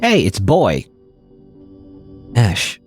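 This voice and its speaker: Animated man commenting on a game. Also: fairly low pitch, extremely slow, soft background music. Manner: animated and amused. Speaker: gaming video host. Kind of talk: let's play commentary.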